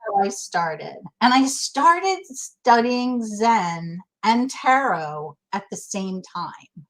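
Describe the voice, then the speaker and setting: This rough recording captures a middle-aged woman's medium-pitched, sing-song voice, slow and fairly bright in tone. Appearing as a guest in a relaxed interview, she opens up with candor and emotion, frequently starting her sentences over.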